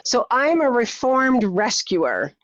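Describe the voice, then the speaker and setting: A woman's voice: a little high, sing-song, slow pace, fairly bright tone, no echo. A middle-aged woman talking as a podcast guest, telling her story with energy and acting out her own thoughts. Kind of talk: conversational interview. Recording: slightly dull, muffled audio.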